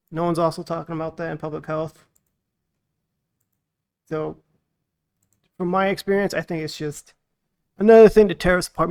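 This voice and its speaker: A man hosting a casual podcast chat, laying out his opinions in a measured way. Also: on the high side, a little mellow, smooth. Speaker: podcast host.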